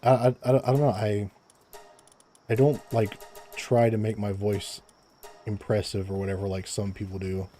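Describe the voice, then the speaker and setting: A man's voice: on the low side, flat delivery, moderate pace, long pauses, dark tone, slight background noise. A young man chatting casually on a live game stream, stammering, repeating words and laughing often, close to his microphone. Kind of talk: casual live-stream chat while gaming. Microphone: close desk microphone.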